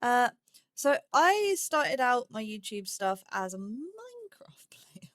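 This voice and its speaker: A woman's voice: on the high side, big pitch swings, slow, no echo, studio quality. A young woman giving chatty live commentary as she plays a game, talking herself through each move. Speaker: game streamer.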